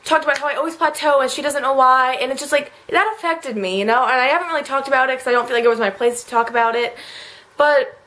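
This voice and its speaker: A woman's voice: high-pitched, fast talker, sharp tone. A teenage girl talking in a rambling, emotional confessional vlog, close to tears and full of filler words. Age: late teens. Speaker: vlogger.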